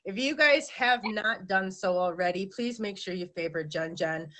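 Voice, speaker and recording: A woman's voice: mid-range voice, normal speed, bright, forceful tone. A woman hosting a live-stream talk show, chatty and giggly, stumbling over her words as she reads out viewer comments. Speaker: host.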